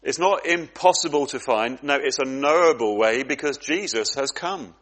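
A man preaching in an earnest, reflective way, with a voice of ordinary middle pitch. He often stumbles over and repeats words as he thinks aloud. His sermon moves steadily through questions and answers. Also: moderate pace, a bit bright.

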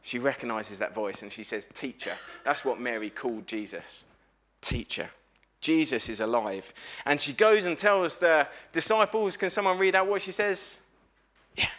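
A man giving a lively family sermon in church, telling a story and asking the congregation questions. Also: a little high. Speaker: preacher at a family service. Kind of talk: lively all-age sermon with questions to children.

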